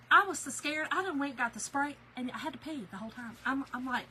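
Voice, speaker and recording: A woman with a drawl chats with her livestream audience in an animated, storytelling way. Her voice is bright and sits a little high. Faint room noise hums in the background. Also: fairly quick, poor audio. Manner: chatty, animated storyteller, laughs often. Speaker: craft channel host. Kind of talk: casual livestream chat with viewers. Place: home.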